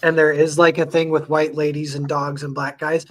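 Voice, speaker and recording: Young male co-host, slightly high voice, meandering chat. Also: little pitch movement, moderate pace. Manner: rambling, full of "like" and restarts. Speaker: podcast co-host, comics artist. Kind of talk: casual chat.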